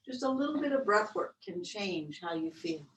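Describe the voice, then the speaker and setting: A woman yoga instructor leading a webcast breathing class, with slow, gentle counted cues. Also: mid-range voice, very animated, a little hiss or hum. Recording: roomy, distant webcast audio.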